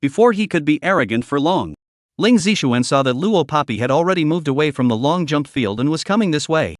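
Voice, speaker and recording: A man with a fairly high voice reads out a story recap, steady and a little stiff in his phrasing. The sound is dry and close, with no room around it. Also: a little fast, no room sound. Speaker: narrator. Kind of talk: scripted story recap narration.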